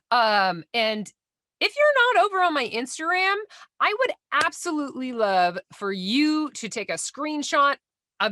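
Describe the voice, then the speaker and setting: Bright, upbeat woman podcast host. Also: mid-range voice, no room sound, studio quality. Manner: upbeat, chatty, encouraging. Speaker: podcast host and sales coach. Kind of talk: solo podcast monologue.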